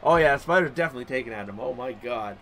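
A young man hosting a gaming channel, giving excitable let's-play commentary with loud outbursts and mild swearing. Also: mid-range voice, very fast.

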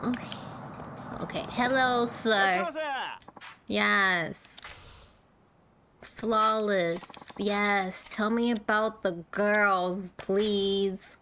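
A woman's voice: medium pitch, steady tone, extremely slow, long pauses, fairly bright tone, slight background noise. A woman streaming a video game, chatting to her viewers with frequent giggles. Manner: giggly, chatty, talks to chat. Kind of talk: live game stream commentary.

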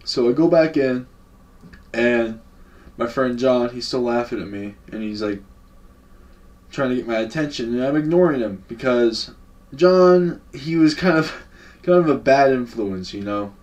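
A man's voice: medium pitch, measured pace, darkish tone. A young man telling a casual story-time vlog in a laid-back, slangy and profane way. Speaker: vlogger. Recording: voice a bit far from the mic.

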